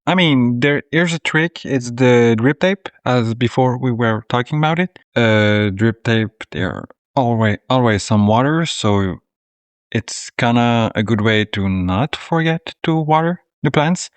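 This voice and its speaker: A man whose first language is French speaks English with a Quebec French accent, hesitant and searching for words. He is a farmer cohosting a gardening podcast. His pitch is mid and the sound is dry. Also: animated, unhurried, no room sound. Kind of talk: casual chat.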